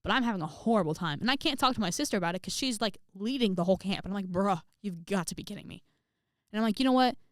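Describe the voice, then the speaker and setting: A sassy young woman recounts a story to her viewers, talking in an animated way and breaking into dramatic outbursts. Her voice sits at a middle pitch. The sound is dry and close, with no room around it. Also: rapid-fire, few pauses, dry recording. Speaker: vlogger. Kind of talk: storytelling vlog.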